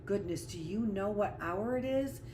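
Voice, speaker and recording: A woman's voice: medium pitch, animated, moderate pace, background noise, close to an everyday voice. A woman reading aloud as an elderly woman who fusses in a kindly, motherly, scolding way.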